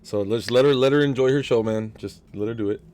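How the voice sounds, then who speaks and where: A man from the United States streams a card game, talking fast in a medium pitch. He gets excited, curses a lot, and casually addresses his viewers by name while playing.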